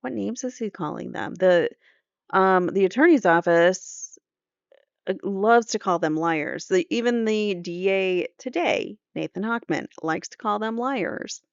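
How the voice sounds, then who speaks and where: A woman's voice: medium pitch, lively intonation, a little slow, vocal fry, clean tone, no room sound, highs cut off. A woman hosting a court channel, reading trial transcripts aloud and breaking off for opinionated, conversational commentary. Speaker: true crime court channel host.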